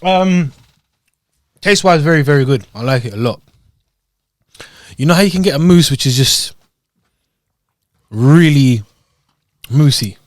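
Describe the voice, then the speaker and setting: A man's voice: on the high side, animated, measured pace, pauses often, dry recording, clean studio sound. A man from Scotland co-hosting a podcast, chatting casually about food and then presenting boxing news. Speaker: podcast co-host. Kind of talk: casual chat.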